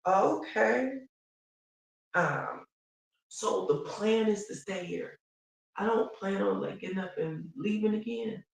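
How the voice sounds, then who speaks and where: Woman from Chicago, casual vlog chat, animated storyteller, slow unhurried delivery, recorded at a distance. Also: gravelly. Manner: animated storytelling, quick pitch swings, laughs often. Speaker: vlogger. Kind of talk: casual chat reading viewer comments. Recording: roomy and distant from the mic.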